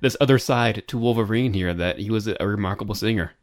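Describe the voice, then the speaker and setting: A man's voice: on the low side, fast talker, no echo, clean studio sound. A man hosting an interview, asking brief questions and giving short affirmations. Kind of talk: casual interview.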